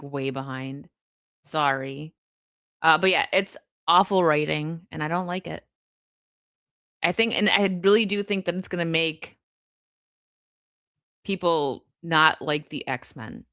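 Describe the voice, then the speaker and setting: A young woman hosting a live stream, reading chat and chatting casually, laughing often with quick asides. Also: on the low side, a bit bright, dry recording, studio quality.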